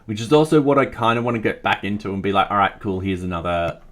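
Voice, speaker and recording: An Australian man on a live coding stream speaks quickly and expressively in a lowish voice. Casual and self-deprecating, he thinks aloud and reads messages from chat.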